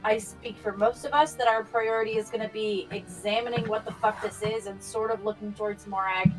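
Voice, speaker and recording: A woman's voice: mid-range voice, fairly even intonation, a little fast, music in the background, poor audio. A woman playing a tabletop game, speaking frankly and casually. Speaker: player.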